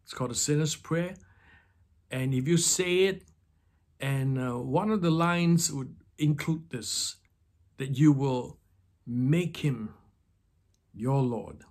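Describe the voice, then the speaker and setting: A man talking slowly and reflectively in an informal devotional talk about faith. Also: medium pitch, darkish tone. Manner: slow and reflective, with pauses. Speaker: Christian speaker.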